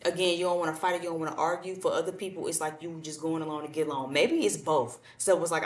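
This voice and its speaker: Woman, tarot reader, very low voice, blunt and repetitive, echoey room, far from the mic. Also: fairly even intonation, quick pace, hardly any pauses. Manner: blunt, repetitive, colloquial, addresses the viewers directly. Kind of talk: casual tarot reading.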